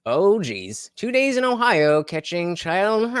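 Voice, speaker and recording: Lively livestream host greeting his chat. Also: high-pitched, drawn-out words, clear, resonant tone, dry recording, studio quality. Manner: animated, repeats greetings to chat viewers. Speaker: livestream host reacting to a show. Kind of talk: casual livestream commentary.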